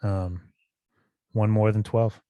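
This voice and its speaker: Animated man telling a story, dry close sound. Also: lowish voice, takes it slowly, smooth, dry recording. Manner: animated, imitates fighters mid-story. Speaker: podcast co-host. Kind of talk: casual chat. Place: Hawaii.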